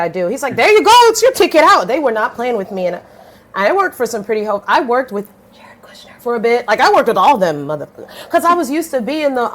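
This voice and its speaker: A woman in her thirties, a podcast guest telling her story in a lively, blunt way, swearing casually and switching voices when she quotes people. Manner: animated, swings pitch widely when quoting others.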